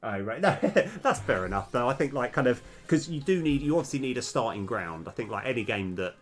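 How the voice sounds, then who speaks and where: A man's voice: mid-range voice, expressive, brisk, faint music behind. A young man streaming game development, chatting casually and hesitantly with many fillers and restarts, his voice slightly worn. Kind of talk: casual live coding chat.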